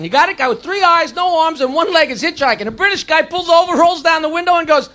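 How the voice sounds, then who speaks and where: A man's voice: very high voice, fast, few pauses, bright, forceful tone. A man doing a crude stand-up comedy set, firing off dirty jokes with put-on voices for the characters. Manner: brash, crude punchline delivery with put-on voices.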